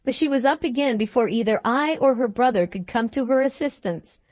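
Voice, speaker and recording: A woman narrating a classic novel in the first person with a measured, steady reading. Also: fairly high pitch, no echo. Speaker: audiobook narrator.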